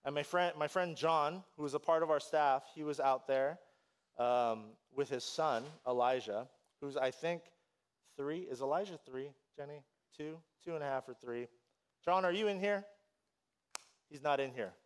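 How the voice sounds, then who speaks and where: A man preaching a sermon as pastor, telling a story with lively, animated delivery and acting out voices. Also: fairly high pitch, moderate pace, clean tone.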